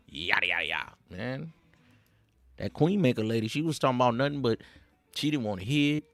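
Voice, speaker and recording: A man hosting a livestream, ranting in casual street slang, preachy and animated, with frequent repeats. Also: medium pitch, no room sound. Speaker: livestream host.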